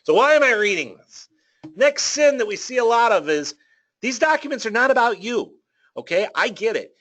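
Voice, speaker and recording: Animated, sarcastic man giving a webinar. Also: very high voice, moderate pace. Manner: animated, sarcastic and ranting, with playful jabs; frequent fillers like okay and all right. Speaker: webinar presenter on policy writing. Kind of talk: informal webinar lecture.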